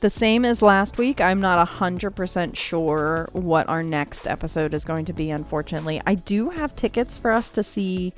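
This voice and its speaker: A woman's voice: lowish voice, moderate pace, hardly any pauses, faint music behind. Chatty woman podcast co-host. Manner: animated storyteller, lots of "like". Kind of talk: casual movie review chat.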